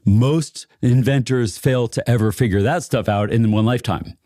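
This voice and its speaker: A man's voice: medium pitch, moderate pace, mellow, no room sound, clean studio sound. A man being interviewed as an inventor and investor, telling stories casually and laughing often between phrases. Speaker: inventor and venture capitalist guest.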